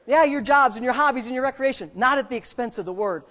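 A middle-aged man preaching a sermon as pastor, swinging from quiet, low asides to loud, fervent shouting. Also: fast talker.

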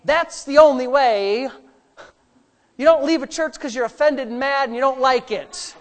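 A man preaching a sermon as a pastor, animated and sarcastic, swinging between loud, high bursts and quiet asides. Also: moderate pace.

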